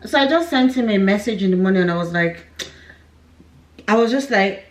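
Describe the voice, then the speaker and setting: A woman's voice: mid-range voice, lively intonation, fairly quick. A young woman tells a painful personal story straight to camera. She speaks candidly, with nervous laughs breaking through. Her voice sits in a middle range, and it rings in an echoey room. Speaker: vlogger.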